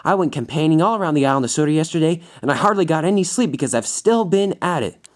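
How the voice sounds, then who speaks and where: A man voicing an eager, boastful young male tank engine, talking in a halting way full of filler words. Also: a little high, expressive, pitched above the performer's own voice, natural voice.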